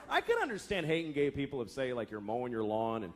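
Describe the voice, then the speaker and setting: A man in his thirties doing a profane stand-up routine, exasperated, slipping into quick character voices. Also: mid-range voice, huge pitch swings, some chatter behind. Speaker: stand-up comedian. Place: comedy club stage with laughing audience. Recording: live club recording with audience noise. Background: audience laughter.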